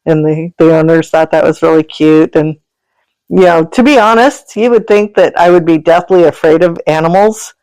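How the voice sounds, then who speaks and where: A woman's voice: low-pitched, steady tone, moderate pace, a little mellow, no echo, low-quality recording. A woman telling animal stories as a podcast guest, chatty and rambling, laughing often. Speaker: guest, animal sanctuary founder and energy healer. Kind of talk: casual storytelling conversation.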